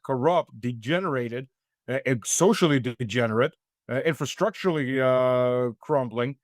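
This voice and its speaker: A man's voice: mid-range voice, dry recording, studio quality. A middle-aged man from the United States giving blunt, sardonic commentary as an interview guest, with many hesitant fillers.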